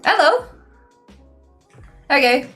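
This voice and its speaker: Woman, streamer, casual live chat, playful, fairly high voice, faint background music. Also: big pitch swings, extremely slow, a bit bright. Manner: chatty, laughs often, playful.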